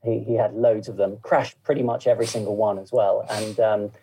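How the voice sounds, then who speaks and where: A man's voice: lowish voice, steady tone, fairly quick, mellow, slight background noise, poor audio. A middle-aged man, a podcast guest chatting casually and rambling with lots of fillers. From England. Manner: rambling, full of fillers and asides. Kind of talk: casual interview chat.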